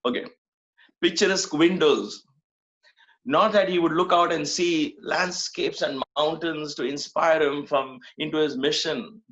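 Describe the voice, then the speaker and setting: A man's voice: a little high, steady tone, measured pace, fairly bright tone. Earnest man giving a satsang talk. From Mumbai, India. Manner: earnest, rhetorical questions and repetition. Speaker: spiritual speaker. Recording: dull lo-fi recording.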